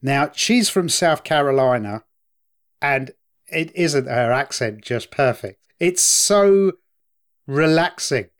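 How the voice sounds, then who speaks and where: A man's voice: on the high side, expressive, slow pace. A man co-hosting a podcast in casual chat, upbeat and cheerfully leading the discussion. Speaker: podcast co-host.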